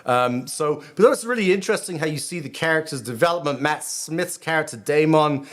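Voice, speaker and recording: A man's voice: fairly high pitch, animated, fairly quick. A middle-aged man, a rabbi hosting his own channel, talking casually and rambling with many restarts and asides. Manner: rambling, self-interrupting, chatty asides. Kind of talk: casual video commentary.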